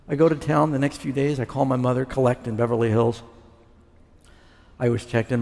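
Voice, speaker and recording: A man's voice: medium pitch, animated, fairly quick, vocal fry, a little mellow. Storytelling male preacher in a reverberant hall. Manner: storytelling, acting out his own past words. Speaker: preacher giving his testimony. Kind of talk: sermon testimony.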